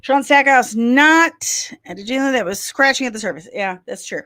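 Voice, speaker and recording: A woman's voice: a little high, fast, a bit bright. A woman hosting a casual pop-culture chat stream, reading viewer comments aloud and answering them with candid, playfully sarcastic opinions. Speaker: host of a daily pop-culture chat show.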